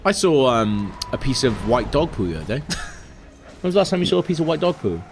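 A man's voice: medium pitch, sing-song, fast talker, faint music behind. A man telling rambling stories and laughing through casual gaming banter. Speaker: let's play co-host.

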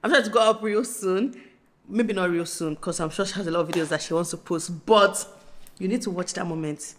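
A woman in her thirties with a Nigerian accent, chatting excitedly to camera in a casual vlog, bubbly and laughing often. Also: lowish voice, a little fast, a little hiss or hum. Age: 30s. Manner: bubbly, laughing, breaks into squeals. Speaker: vlogger.

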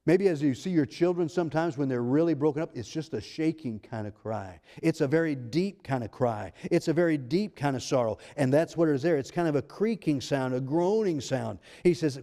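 A man preaching a sermon as pastor, reading scripture slowly and preaching emphatically. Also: fairly high pitch, warm tone. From United States.

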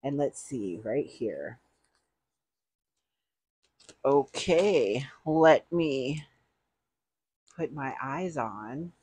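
A woman's voice: a bass voice, animated, extremely slow, long pauses, dark tone, a little hiss or hum. A middle-aged woman chatting casually to camera in an unboxing vlog, rambling and gushing. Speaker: vlogger.

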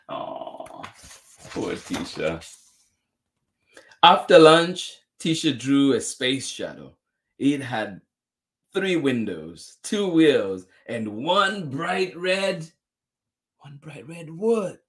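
Slow, lively man reading a picture book aloud. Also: mid-range voice. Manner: animated, chuckles often, exclaims between pages. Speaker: children's story reader.

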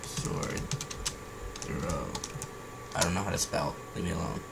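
A man's voice: deep voice, very fast, vocal fry, very noisy. A man casually commentating while playing a game, joking, swearing and humming sound effects. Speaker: gamer. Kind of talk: casual let's-play commentary.

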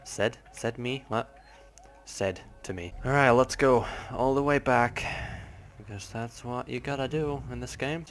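A man's voice: medium pitch, unhurried. A young man hosting a gaming channel, giving jumpy, nervous let's play commentary with lots of swearing.

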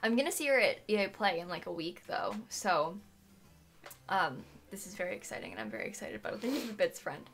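A woman's voice: mid-range voice, expressive, fast talker, fairly bright tone. A young woman in her twenties streaming live on a desk mic, chatting casually, giggling and thanking viewers between stories. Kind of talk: casual chat while streaming.

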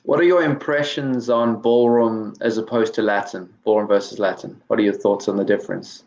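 A man hosting an interview, asking brief quick-fire questions. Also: fairly low pitch, steady tone, vocal fry, a little mellow, reverberant, highs cut off. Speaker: interview host.

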